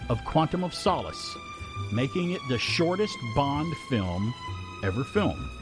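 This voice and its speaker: A man hosting a radio show, chatting casually through trivia numbers in an animated way and laughing often. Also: a little high, measured pace, over music. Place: radio studio. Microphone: studio microphone.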